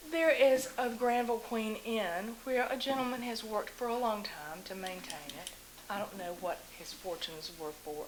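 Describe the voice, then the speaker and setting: A woman's voice: mid-range voice, a little hiss or hum, rough recording. A woman speaking as a local resident during public comment at a town council meeting, emotional and pressing with rhetorical questions.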